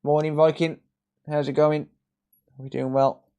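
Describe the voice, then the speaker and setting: A man's voice: a little high, little pitch movement, a little slow, warm tone, clear, resonant tone. A man chatting casually on a live repair stream, blunt and sweary, joking and ranting as he works. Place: repair workbench.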